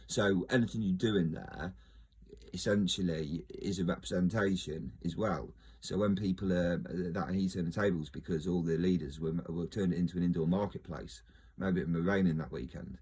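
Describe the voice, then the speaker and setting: A man's voice: deep voice, moderate pace, darkish tone, breathy edge. A man talking in a casual, rambling monologue, joking, laughing often and trailing off mid-sentence. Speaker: video host.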